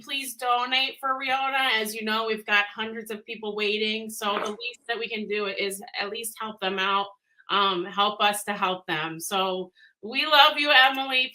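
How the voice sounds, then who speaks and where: Bright upbeat woman on a video call. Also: mid-range voice, low-quality recording. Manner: reassuring, upbeat, repeats phrases. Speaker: charity foundation representative. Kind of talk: warm video call conversation.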